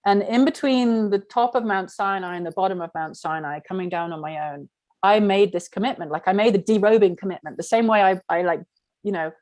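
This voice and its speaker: A woman's voice: mid-range voice, brisk, darkish tone, dry recording. Middle-aged woman, candid storytelling, rambling with lots of "like", close dry sound. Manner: frank, rambling, heavy use of "like". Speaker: spiritual workshop teacher. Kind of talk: candid personal storytelling to an online class.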